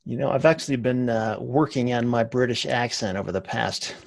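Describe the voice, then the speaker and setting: A man's voice: medium pitch, a little fast, gravelly, dry recording. A man hosting an interview podcast, chatting casually and filling his talk with "like". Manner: conversational, loose with fillers like "like". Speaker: podcast host.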